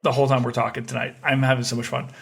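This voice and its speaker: A man from Kentucky hosting a podcast, chatting casually over drinks in an excitable way, swearing freely and using lots of fillers. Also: mid-range voice, racing, gravelly, slightly rough. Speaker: podcast host.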